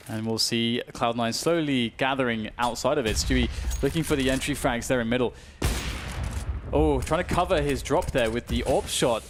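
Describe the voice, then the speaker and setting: A British man doing play-by-play esports commentary, calm analysis that breaks into excited shouting on big plays. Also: mid-range voice, slight background noise.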